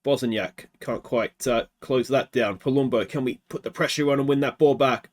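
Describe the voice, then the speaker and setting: A man's voice: medium pitch, normal speed. An Australian man hosting a let's play, chatting through a football management game and asking himself rhetorical questions. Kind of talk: game commentary.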